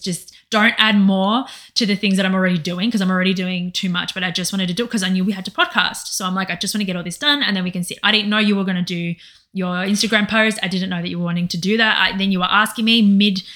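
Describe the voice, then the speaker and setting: A woman's voice: mid-range voice, fairly bright tone. A woman co-hosting a podcast in casual personal chat, rambling and emotional, often quoting herself. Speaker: podcast co-host.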